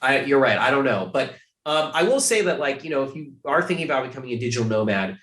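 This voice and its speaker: A man's voice: mid-range voice, lively intonation, quick pace, a bit bright, roomy sound. A man from Ohio, a podcast guest chatting casually, rambling with many fillers and restarts. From Ohio, USA.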